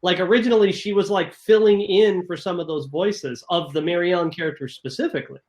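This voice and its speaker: A man chiming in eagerly with quick asides in a group Q&A on a video call. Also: high voice, darkish tone, reverberant.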